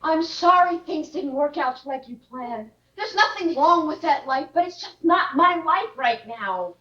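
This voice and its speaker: A woman's voice: high voice, animated, a little slow, bright, forceful tone, heavily acted. A woman playing an outspoken adult daughter who talks earnestly and emphatically. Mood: exasperated. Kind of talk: stage play acting. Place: theater stage. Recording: dull lo-fi stage recording.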